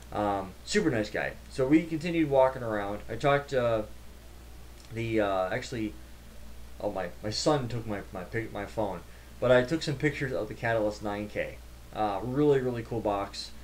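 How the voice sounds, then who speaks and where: A man's voice: mid-range voice, slight background noise. A man, a network engineer, casually recapping a tech conference in a rambling, chatty way with many fillers.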